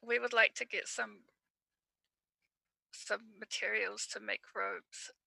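A woman's voice: medium pitch, steady tone, slow, gravelly, sharp tone, dry recording, full character voice. A woman voicing a proud female warrior nun in a tabletop game, declaring her order with grand formality. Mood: polite.

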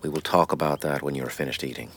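An actor playing a devout man who prays over scripture in a reverent, hushed half-whisper. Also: rumbling low, steady tone, fast. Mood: calm. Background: music.

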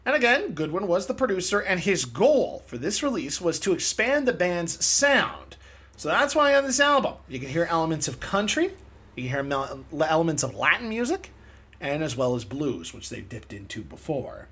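Speaking at normal speed with a fairly high, breathy-edged voice, this man co-hosts a casual music podcast about music history. Despite neck and shoulder pain, he's lively, laughing frequently and rambling off on tangents.

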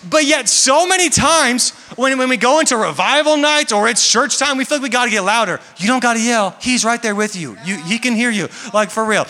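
A man's voice: sits high, sharp tone. A young man preaching to a church congregation, talking casually and joking. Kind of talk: sermon. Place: large church hall. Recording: echoey hall with long reverb.

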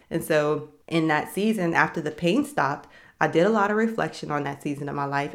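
A young adult woman hosting a faith-based podcast, speaking candidly and reflectively about her own experience. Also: low-pitched. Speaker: podcast host. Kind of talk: faith-based personal talk.

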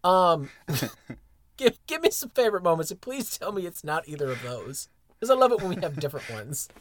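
Animated laughing podcast co-host. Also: male voice, sits high, brisk, dry recording. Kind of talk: casual podcast chat.

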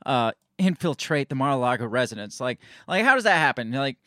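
A man's voice: medium pitch, big pitch swings, brisk, fairly bright tone, dry recording, clean studio sound. A man hosting casual political commentary, sarcastic and rambling, often restarting his sentences and reading news excerpts aloud.

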